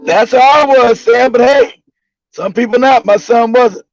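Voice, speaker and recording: A man's voice: very high-pitched, measured pace, faint music behind. A male show host telling stories casually, profane and mocking, laughing often. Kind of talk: casual comedic storytelling. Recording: dull lo-fi recording.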